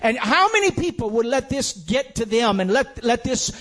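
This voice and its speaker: High-voiced man preaching a sermon. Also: sing-song, normal speed, a bit bright. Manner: emphatic, repetitive preaching cadence with rhetorical questions.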